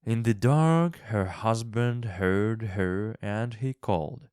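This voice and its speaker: A man narrating a story slowly and calmly for English learners. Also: fairly low pitch, dry recording, clean studio sound. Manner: calm, clearly paced reading.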